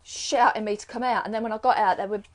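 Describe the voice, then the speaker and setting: A woman's voice: mid-range voice, steady tone, fast, a little hiss or hum. A middle-aged British woman hosting a live stream, chatting casually and rambling through strings of rhetorical questions. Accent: British English. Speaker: live-stream host and card reader. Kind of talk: casual chat.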